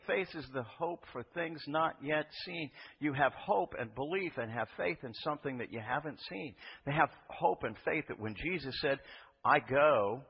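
A man's voice: fairly high pitch, moderate pace, husky. A man preaching a sermon in a conversational way, asking his listeners rhetorical questions. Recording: dull reverberant hall recording.

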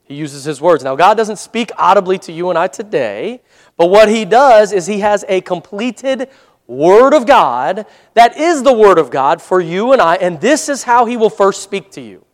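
A man preaching a sermon in a conversational way, often asking the congregation for an amen and reading scripture slowly. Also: high voice, animated. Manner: reads scripture slowly and deliberately. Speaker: pastor.

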